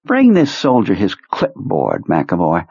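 A man voicing a cheerful, quietly menacing male military commander in an audiobook, his voice raised and breezy. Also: low-pitched, huge pitch swings, takes it slowly, creaky, slightly rough, no room sound, lo-fi sound, heavily acted. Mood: commanding. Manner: breezy, jovial, quietly sinister.

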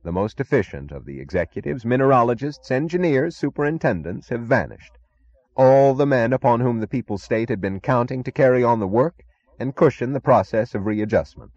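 A man voicing a male radio news announcer, delivering a grave bulletin in a measured, formal manner. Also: medium pitch, animated, a little mellow, voice pushed up. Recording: dull lo-fi audiobook recording.

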